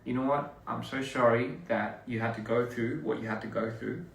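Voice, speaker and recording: A man on a casual livestream, speaking slowly and encouragingly to fans, with pauses and fillers. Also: medium pitch, steady tone, vocal fry, echoey room, far from the mic, low-quality recording. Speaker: livestream host answering fans.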